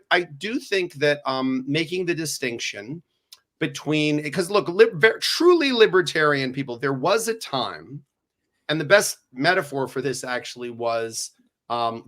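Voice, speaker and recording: High, bright-voiced, profane middle-aged man. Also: moderate pace. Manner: animated, profane and sarcastic, acts out dialogue. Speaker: divorce lawyer and podcast guest. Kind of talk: casual podcast conversation.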